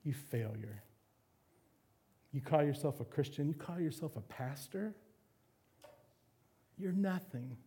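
A preacher doing a cold, scornful accusing voice. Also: male voice, on the high side, animated, slow pace, long pauses, warm tone, breathy edge, exaggerated voice. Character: harsh accusing male inner voice of condemnation.

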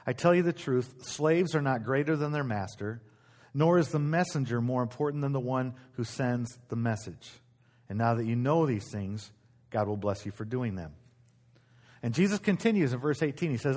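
A middle-aged male pastor preaching in a church, reading scripture aloud and explaining it in a relaxed, conversational way, with asides to the congregation. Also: medium pitch, brisk. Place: church sanctuary.

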